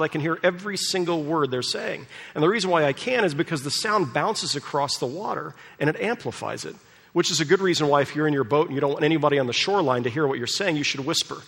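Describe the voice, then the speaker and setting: A man's voice: on the high side, a bit bright, in a large hall. A man preaching a sermon, telling a story with animation and acting out the voices of its people. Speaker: pastor.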